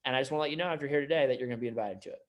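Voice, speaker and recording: Quick talking guy hyping up his sales team, casual pep talk vibe. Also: medium pitch, dull audio, faint music behind. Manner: energetic, pep-talk delivery with lots of "like" and "you know". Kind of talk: motivational team meeting talk.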